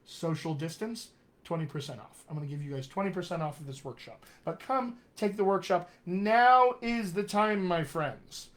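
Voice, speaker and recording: A dialect coach with a General American accent runs a chatty, upbeat live stream, spelling out web addresses slowly. His voice is high and a bit bright.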